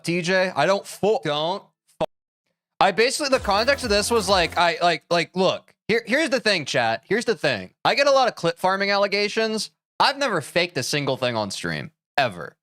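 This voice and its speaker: A man's voice: high voice, big pitch swings, normal speed, bright, forceful tone, soft background music. A man streaming a game, talking casually to his chat in a rambling, self-interrupting, opinionated way.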